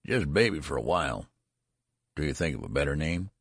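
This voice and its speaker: A man's voice: a bass voice, big pitch swings, a little fast, a bit bright, breathy edge, no echo, clean studio sound, exaggerated voice. A man doing a flustered, stammering new father. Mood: curt. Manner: nervous, stammering. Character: flustered, embarrassed new father, nervous and curt.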